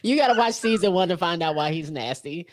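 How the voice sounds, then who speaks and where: A woman from the Midwest with a slightly low-pitched voice. She hosts in a chatty, playfully indignant way and acts out little bits of dialogue. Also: expressive, fairly quick, no echo. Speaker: podcast host. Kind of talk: casual chat.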